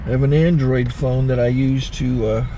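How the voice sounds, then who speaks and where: A man's voice: mid-range voice, steady tone, moderate pace, warm tone, slight background noise. A man hosting his own channel, talking casually from inside his truck cab and explaining his drone setup with a few fillers. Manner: chatty, plain, hesitant with fillers while explaining. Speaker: channel host taping meetings.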